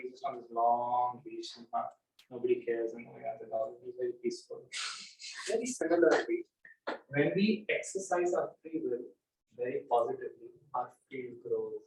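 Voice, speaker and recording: A man leading an informal spiritual talk with an audience, telling stories and acting out his examples with lively energy. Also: mid-range voice, normal speed, vocal fry, slight background noise. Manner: animated storyteller, acts out examples. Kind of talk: informal lecture with audience questions. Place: room with a small audience. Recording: echoey room, mic at a distance.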